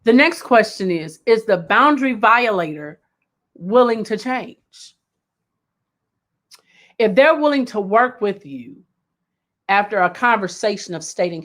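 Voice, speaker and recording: A woman's voice: mid-range voice, animated, measured pace, pauses often, a bit bright. A woman hosting a live self-help talk, speaking emphatically and repeating key points for emphasis. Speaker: host.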